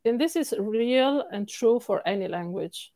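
Singing coach, woman, Italian accent, higher voice, animated and emphatic, given to repeating words, dry recording. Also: unhurried, no echo. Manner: animated, repeats words for stress, laughs often. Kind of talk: interview answers.

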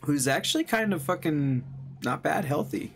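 A man casually commentating while playing a video game, swearing and reacting loudly. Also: a little high, moderate pace, vocal fry, slightly rough, soft background music. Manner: animated, swears, hums and sings along. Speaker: let's play co-host.

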